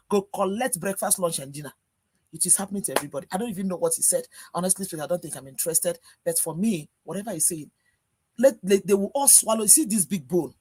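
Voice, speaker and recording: Nigerian woman on a video call panel, angry exasperated rant, talks super fast, kinda husky. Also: lowish voice, a little mellow. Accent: Nigerian English. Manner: angry, exasperated rant with repeated rhetorical questions. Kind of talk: heated live-stream panel discussion. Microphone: video call into a live stream.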